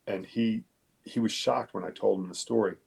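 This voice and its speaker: A man with a low, gravelly, somewhat husky voice tells his story as a guest in an interview. He is a police detective who speaks bluntly and emphatically, swearing freely. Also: fairly even intonation, normal speed, darkish tone.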